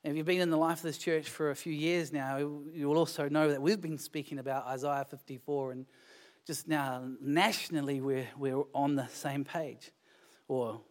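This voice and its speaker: New Zealand pastor preaching conversationally. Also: male voice, on the high side. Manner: conversational preaching with humor, rising to animated emphasis. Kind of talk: sermon. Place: church.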